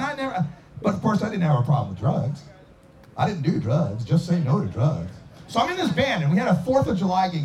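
A man's voice: high-pitched, darkish tone. A man in his forties telling a rambling personal story in a casual way, acting out voices and sound effects as he goes. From Idaho.

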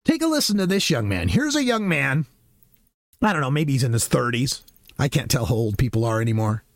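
A man's voice: mid-range voice, big pitch swings, fairly quick, dry recording, clean studio sound. A man delivering an impassioned, sarcastic political commentary monologue.

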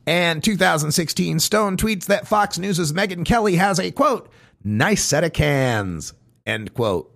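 A man delivering pointed commentary, reading quotes one after another in a measured way and stressing each one with pauses. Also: high-pitched, lively intonation, vocal fry, fairly bright tone.

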